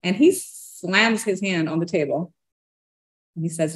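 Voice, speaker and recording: A woman's voice: lowish voice, unhurried. A woman earnestly telling her own story, given to a nervous laugh. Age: adult parent of young children. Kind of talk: personal storytelling.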